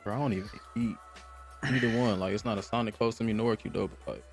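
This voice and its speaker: A man's voice: lowish voice, fast, faint music behind. Young man hyping up his guests. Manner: hypes up guests, energetic. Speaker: podcast host. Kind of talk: casual chat.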